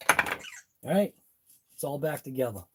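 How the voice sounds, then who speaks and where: During a live RC car workshop stream from his garage, an RC hobby channel host mutters aloud while he wrenches away. His medium-pitched voice is expressive and measured in pace, and the recording is very noisy.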